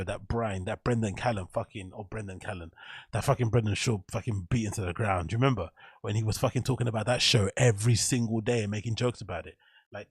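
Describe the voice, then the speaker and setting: A man's voice: on the low side, breathy edge, dry recording, clean studio sound. A man giving rambling, profane reaction commentary as host, laughing often.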